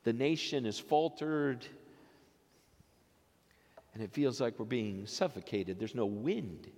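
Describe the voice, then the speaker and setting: A pastor in his fifties preaching a sermon, moving between quiet, low phrases and loud, rising exclamations. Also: animated, takes it slowly. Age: 50s. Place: church sanctuary. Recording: long reverb of a church sanctuary.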